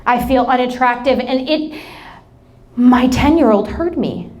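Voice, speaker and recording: A woman pastor in her thirties preaches a sermon, sharing personal stories in a candid, emotional and self-deprecating way. Her voice is high-pitched with a darkish tone, and she speaks unhurriedly.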